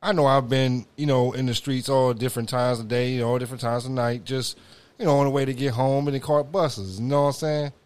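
A man with a Detroit accent co-hosting a podcast, reacting with short, drawn-out exclamations in casual chat. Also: mid-range voice, steady tone, darkish tone, smooth. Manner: reactive, short exclamations, slow drawled asides. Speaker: podcast co-host.

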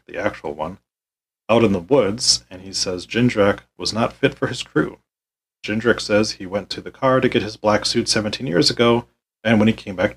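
A man with a lowish, husky voice recaps a wrestling show play by play for his podcast. He is deadpan and worn out, with dry sarcasm and frequent swearing. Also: rough recording. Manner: weary, deadpan, swears often.

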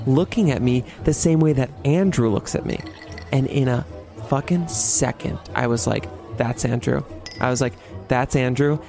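A man's voice: mid-range voice, a little mellow. A young man telling a personal story in a casual, dramatic way, with laughter and swearing along the way. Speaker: podcast host.

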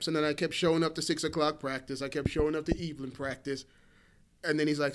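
A man in his forties telling animated stories in casual talk, laughing often and swearing freely. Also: on the high side, normal speed, pauses often, background noise. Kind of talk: casual storytelling.

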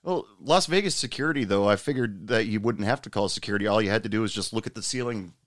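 A man's voice: on the low side, quick pace, no room sound, studio quality. Easygoing male interviewer. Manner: easygoing, chuckles, hesitant fillers. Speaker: interviewer, host. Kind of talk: casual interview.

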